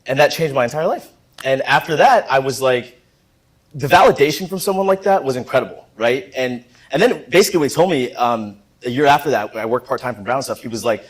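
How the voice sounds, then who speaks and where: A young man in his twenties speaks at a student summit, recounting a story in a loose, animated way full of fillers and false starts. His mid-pitched voice has a husky edge. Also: fairly quick. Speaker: guest speaker. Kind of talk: storytelling talk to a live audience.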